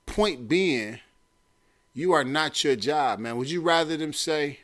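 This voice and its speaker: A man's voice: fairly high pitch, slow, fairly bright tone. A man hosting a talk show, giving blunt, streetwise advice and repeating his points for emphasis. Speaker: podcast host.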